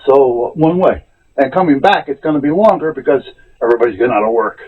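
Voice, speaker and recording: Guy ranting about a phone call, husky, sounds like a tinny phone line. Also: mid-range voice, quick pace. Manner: animated, exasperated retelling of a phone call. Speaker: vlogger. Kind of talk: casual storytelling rant.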